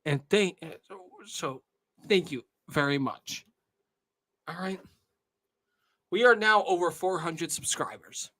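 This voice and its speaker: Young male host, slow and earnest, bright tone, emotional address to viewers. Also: high-pitched, animated. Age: 20s. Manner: earnest, repeats "all right?". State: emotional, tearing up. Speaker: channel host. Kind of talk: casual monologue to viewers.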